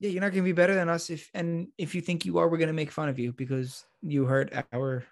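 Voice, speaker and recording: A man's voice: on the high side, fast, gravelly, no room sound, studio quality. A man with a New York accent co-hosting a casual podcast chat, crude and joking. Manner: crude, joking, deadpan banter. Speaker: podcast co-host.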